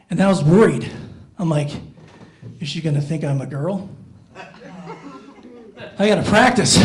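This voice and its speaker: High-voiced man doing stand-up. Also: a little mellow, poor audio. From Iowa, USA. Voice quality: high, light voice. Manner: self-deprecating storytelling, jumps up in pitch for inner thoughts. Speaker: stand-up comedian. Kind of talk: stand-up comedy set. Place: small theater stage with live audience.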